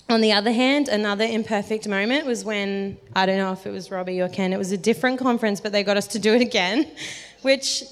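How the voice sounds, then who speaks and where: A woman preaching a sermon, telling self-deprecating stories in a chatty way and laughing often. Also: mid-range voice. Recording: long hall reverb.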